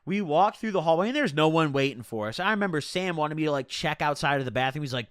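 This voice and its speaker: A young man spins a casual story with plenty of slang and swearing. His voice sits fairly high for a man and leaps around in pitch. The sound is close and dry. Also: lively intonation, quick pace, few pauses, no room sound. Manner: slangy, profane, chatty. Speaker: vlogger telling a personal story.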